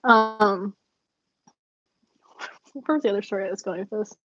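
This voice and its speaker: A woman's voice: mid-range voice, normal speed, a bit bright, dry recording. A woman vlogger telling rambling stories in a casual chat, laughing often between fillers. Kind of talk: casual storytelling while journaling. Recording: dull dry lo-fi recording.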